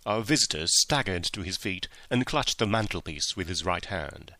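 Man, audiobook narrator, measured storytelling, bright forceful tone, dry close mic. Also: deep voice, lively intonation, no room sound. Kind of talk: scripted narration.

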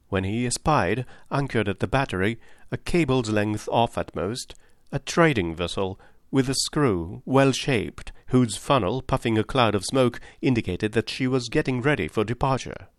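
A man narrating a classic adventure novel aloud in a steady, measured way. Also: mid-range voice, no echo, studio quality. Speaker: audiobook narrator. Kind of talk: scripted narration.

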